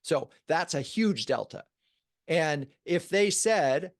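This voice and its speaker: A man's voice: a little high, expressive, measured pace, dry recording, clean studio sound. A man hosting the talk, laying out a scenario in a conversational way with a few fillers. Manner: conversational, asks with a worked example, some fillers. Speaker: host. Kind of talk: casual chat.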